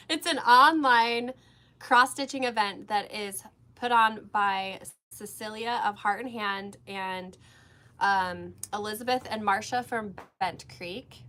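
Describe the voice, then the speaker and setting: A woman's voice: mid-range voice, slow pace, pushed and bright. A woman co-hosting a casual craft-shop livestream, chatting and laughing while she stitches. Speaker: shop co-host.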